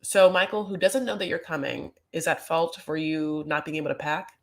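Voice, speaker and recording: A woman with a slightly low voice riffs through a reality TV recap in a loose, gossipy ramble. She talks casually and fills her sentences with "like" and "you know" as she goes. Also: moderate pace.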